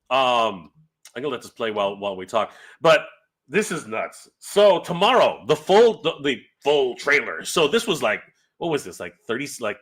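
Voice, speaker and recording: A man in his forties hosting a live reaction stream, excited and rambling, stumbling over his words as he reads out viewer comments. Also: mid-range voice. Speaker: YouTube host.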